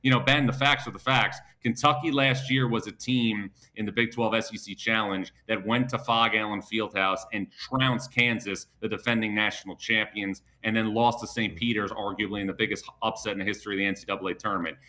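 A man's voice: lowish voice, steady tone, a little fast, hardly any pauses, bright, forceful tone, rough recording. A man guest giving confident, emphatic college basketball analysis on a sports show. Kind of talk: sports commentary.

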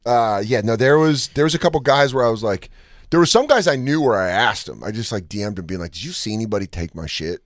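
A man's voice: mid-range voice, fast talker, no echo, clean studio sound. A man hosting a podcast, telling stories in casual chat and acting out what he said. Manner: animated, acts out quotes of himself. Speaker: podcast host.

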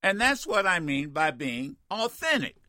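A man's voice: sits high, big pitch swings, a little slow, pushed and bright, no echo, studio quality. A man hosting a call-in talk radio show, talking in a combative, emphatic way and often repeating himself.

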